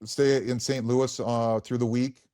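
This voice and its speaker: A man's voice: mid-range voice, flat delivery, a little slow, mellow, clean tone, dry recording, studio quality. A man in his forties, a former hockey player, telling stories on a podcast in a frank, rambling way full of fillers and swearing. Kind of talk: casual podcast storytelling.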